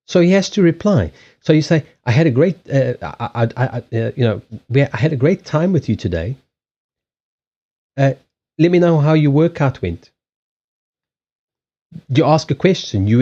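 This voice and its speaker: Blunt, animated man, lo-fi stream. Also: on the high side. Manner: blunt, animated, swears, acts out quoted lines. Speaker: livestream host. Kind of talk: casual chat.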